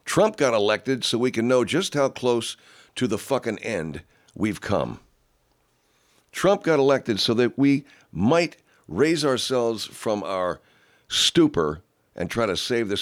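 A middle-aged man hosting a talk show, ranting with heavy profanity in a gravelly manner. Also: lively intonation, measured pace. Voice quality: very low, gravelly, growly rant. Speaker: radio host.

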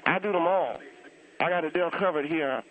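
A man's voice: fairly high pitch, brisk, close to an everyday voice. A man voicing a cranky old churchgoing aunt who phones in, blunt and scornful. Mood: grumbling. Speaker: phone caller. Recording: phone line.

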